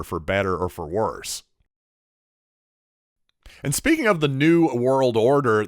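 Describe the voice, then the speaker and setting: A man's voice: mid-range voice, fairly bright tone, no room sound, clean studio sound. A man hosting a solo sports podcast, talking through his opinions conversationally with wry asides. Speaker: podcast host.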